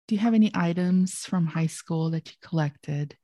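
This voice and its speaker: A woman's voice: on the low side, normal speed, mellow, dry recording. A woman interviewer asking casual, encouraging follow-up questions.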